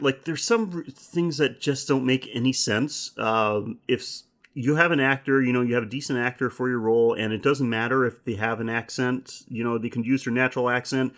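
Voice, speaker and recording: A man's voice: medium pitch, moderate pace, fairly bright tone. A man co-hosting a horror film podcast in casual chat, rambling, swearing and laughing often. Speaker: podcast co-host.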